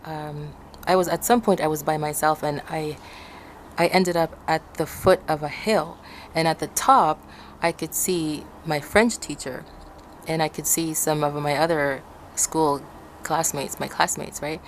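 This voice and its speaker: A woman's voice: a little slow, slight background noise. A woman from Ecuador casually telling a story to her viewers, acting out what people said and laughing often. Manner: animated, acts out quotes in high shouts, laughs often. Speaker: vlogger.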